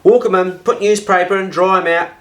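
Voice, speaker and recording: Speaking a little fast in a high, steady, slightly bright voice, this Kiwi storyteller in his fifties recounts a casual anecdote. His delivery is blunt and exasperated, and he swears freely.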